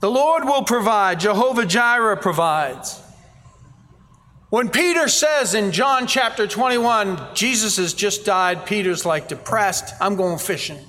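A man preaching a sermon, telling scripture stories with animated voices for the people in them. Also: high-pitched, measured pace. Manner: animated storytelling, acting out quoted voices. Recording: reverberant hall.

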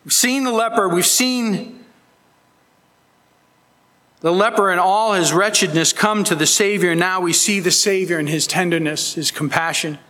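Brief: male pastor, slow bright delivery, emphatic sermon, reverberant hall. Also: sits high. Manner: earnest, emphatic preaching with rising pleas.

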